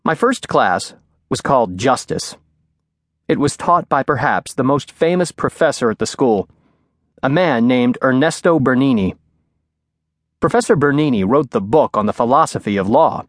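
A man's voice: mid-range voice, lively intonation, normal speed, dry recording, studio quality. Man narrating a thriller audiobook. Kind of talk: scripted narration. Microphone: studio microphone.

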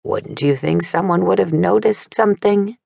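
A woman's voice: fairly low pitch, moderate pace, gravelly, dark tone, no room sound, clean studio sound, voice pushed up. A woman voicing a pushy middle-aged mother in an audiobook, insistent and scolding.

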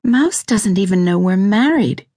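A woman's voice: mid-range voice, animated, unhurried, dark tone, dry recording, clean studio sound, pitched above the performer's own voice. A woman voicing an earnest young wife who pleads through tears, her voice raised and urgent. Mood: pleading.

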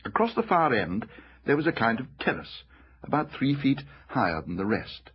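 A man narrating a children's fantasy audiobook in an expressive storytelling voice. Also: medium pitch, normal speed, slightly rough, highs cut off. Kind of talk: scripted narration.

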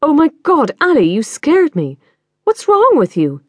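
A woman's voice: mid-range voice, very animated, unhurried, no echo. A woman voicing a glamorous, vain mother who drawls condescendingly. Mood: drawling.

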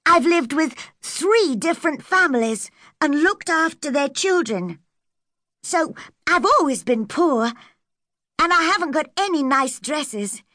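A high, bright little orphan girl, as a woman reader puts her on, eager and dreamy, her voice leaping up and down as she chatters. She speaks slowly, and the recording is close and dry. It is an audiobook character voice. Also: lively intonation, dry recording, full character voice. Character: chatty imaginative orphan girl, about eleven.

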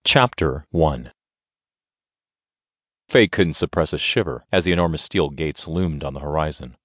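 A man with a deep voice narrates an audiobook in an expressive, measured way. His pitch rises and falls widely. The sound is dry and close, like a studio mic. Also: no echo.

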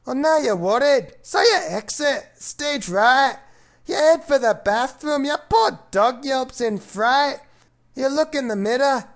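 A man doing a hammy storyteller with a put-on Scottish brogue, pitched high and taking his time. He reads a comic rhyming children's story in a playful, exaggerated way. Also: animated, unhurried, exaggerated voice. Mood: storytelling.

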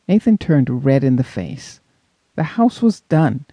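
A man narrating a suspense audiobook in an expressive storytelling manner. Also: mid-range voice, measured pace, no room sound. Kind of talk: scripted narration.

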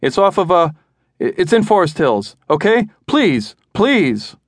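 A man's voice: high voice, sing-song, measured pace, no echo, studio quality, pitched above the performer's own voice, exaggerated voice. A man voicing a frantic, breathless caller. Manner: panicked, breathless, pleading. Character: frantic middle-aged man calling for help.

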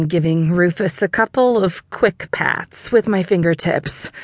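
A woman narrating a cozy audiobook in first person, her voice on the lower side and her telling wry and lightly amused. The sound is close and dry, with no room echo at all.

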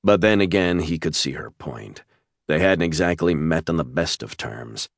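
A male audiobook narrator telling a suspense romance with steady, measured delivery. His voice is extremely deep, and the sound is dry and close with no room echo.

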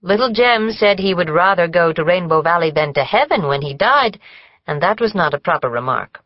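A woman's voice: fairly low pitch, lively intonation, moderate pace, no echo, highs cut off. A woman reading the part of a prim, gossipy older housekeeper who talks in long, formal ramblings. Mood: gloomy.

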